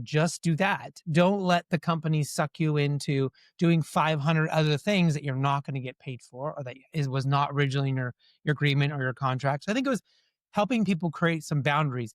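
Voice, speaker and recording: A man answering interview questions in a lively storytelling way, often slipping into quoted dialogue. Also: on the high side, a little fast, no room sound, studio quality. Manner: animated storyteller who acts out quoted dialogue. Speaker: guest.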